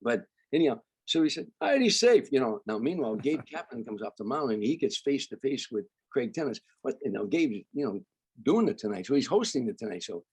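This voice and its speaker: An older man from Chicago, a comedian guest, telling stories in an animated way and acting out the people he quotes. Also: medium pitch, fairly quick, breathy edge, no room sound. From Chicago, United States. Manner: animated storyteller, acts out quoted voices. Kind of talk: storytelling interview.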